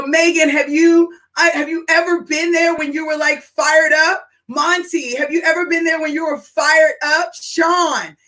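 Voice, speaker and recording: A woman hosting a live stream, talking with high energy and calling out to viewers by name. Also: sharp tone, rough recording. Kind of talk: excited live-stream announcement.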